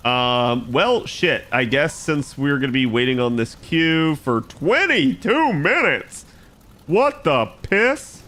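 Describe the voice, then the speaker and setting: A man's voice: medium pitch, very animated, slow, hardly any pauses, pushed and bright. Man chatting casually while streaming a game. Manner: rambling, self-correcting, swears casually. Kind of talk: casual live-stream gaming chat.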